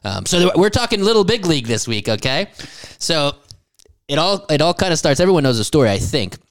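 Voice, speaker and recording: A man's voice: fairly high pitch, big pitch swings, fairly quick, dry recording. A man co-hosting a podcast, recapping a movie in a rambling, profane way and laughing often. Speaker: podcast co-host. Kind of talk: casual crude movie recap.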